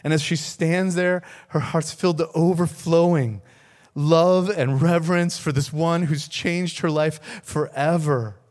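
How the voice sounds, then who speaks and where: A man's voice: on the high side, fairly even intonation, unhurried, darkish tone. A man, a pastor, preaching a sermon, telling a story earnestly with repeated words and rising emphasis.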